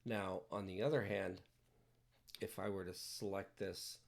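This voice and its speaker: A man with a low, gravelly voice talks unhurriedly while he works on digital art during a livestream. His chat is loose and playful, full of jokes and wordplay, and it drifts from one thought to the next. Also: steady tone, measured pace. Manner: playful, rambling, jokey wordplay.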